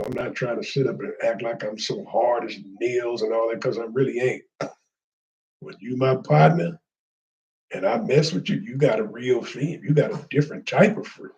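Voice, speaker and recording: A man's voice: mid-range voice, darkish tone, poor audio. A man telling a heartfelt personal story in a rambling, casual way, with street slang.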